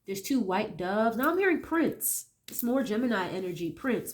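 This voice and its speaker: A woman's voice: medium pitch, sing-song, moderate pace, few pauses. A woman with a nasal voice from a cold, chatting casually as she reads tarot cards for viewers, thinking aloud with many tag questions. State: getting over a cold. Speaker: tarot reader.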